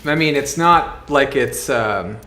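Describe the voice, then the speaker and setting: Slow, hesitant game master man. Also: mid-range voice, lively intonation, bright, forceful tone, roomy sound, soft background music. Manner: slow, hesitant, lots of ums. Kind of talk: running a tabletop game.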